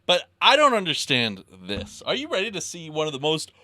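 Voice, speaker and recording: A young man co-hosting a casual podcast chat, profane, swinging between loud outbursts and low mumbles. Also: wildly swooping pitch, fairly quick, no room sound. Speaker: podcast co-host.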